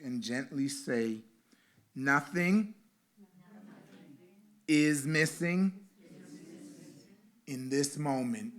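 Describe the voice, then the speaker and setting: A male reverend at a spiritual center delivers a sermon that includes a guided meditation. His mid-range voice moves in slow, rhythmic lines full of repeated phrases.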